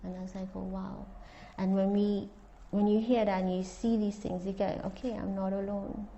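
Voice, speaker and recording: A woman's voice: mid-range voice, flat delivery, moderate pace, vocal fry, mellow, muffled recording. A woman therapist being interviewed, talking earnestly and reflectively about her work with clients. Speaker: therapist guest. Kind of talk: casual interview.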